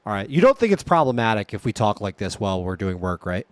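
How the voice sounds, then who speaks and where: A young man hosting a casual livestream, upbeat and playful, firing off quick sign-off patter to his viewers. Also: lowish voice, sing-song, no echo, clean studio sound. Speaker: livestream host.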